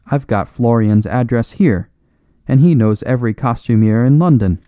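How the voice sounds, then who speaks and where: A man's voice: mid-range voice, moderate pace, no room sound, phone-quality sound, close to an everyday voice. A man voicing a boisterous, big-hearted Canadian farmer in an exuberant, hearty way for a storybook reading. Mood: enthusiastic.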